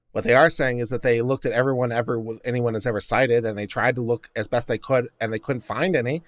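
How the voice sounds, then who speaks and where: A man's voice: mid-range voice, a little fast, fairly bright tone. A man hosting a reaction show, giving casual commentary in a sarcastic, incredulous rant. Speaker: host reacting to court audio.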